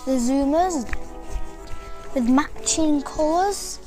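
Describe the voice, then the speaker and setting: Slow, eager British girl-voiced reviewer. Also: sits high, over music, rough recording. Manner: rambling, eager, often correcting herself. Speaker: toy reviewer. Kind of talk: casual toy demonstration.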